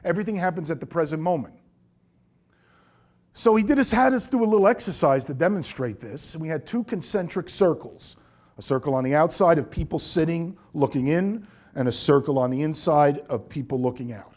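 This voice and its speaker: A middle-aged man, a chiropractor, giving a seminar talk to colleagues, telling lively stories and acting out the voices of the people he quotes. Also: fairly high pitch, a little fast. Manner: lively storyteller who acts out quoted voices.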